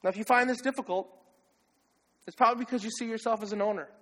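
A man preaching a sermon as pastor, animated and acting out the voices of others. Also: very high-pitched, fast. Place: church hall. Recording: long hall reverb.

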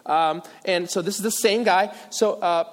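A man with a high voice preaches a sermon as a pastor, chatty and joking, poking fun at himself between points. His voice rings out with a long reverb, as if in a large hall. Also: normal speed. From Philippines. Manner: casual, joking, self-deprecating asides.

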